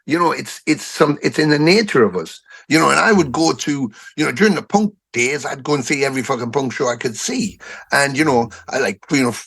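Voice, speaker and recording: A man, a podcast guest telling stories in an animated, profane way. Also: mid-range voice, brisk, creaky, breathy edge. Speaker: guest musician. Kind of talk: casual podcast conversation.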